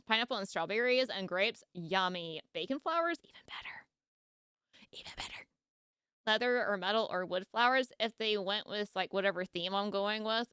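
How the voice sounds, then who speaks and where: A woman's voice: medium pitch, pushed and bright, clean tone, no echo, studio quality. A woman streaming a casual reaction, chatty and rambling, with frequent giggles and restarts.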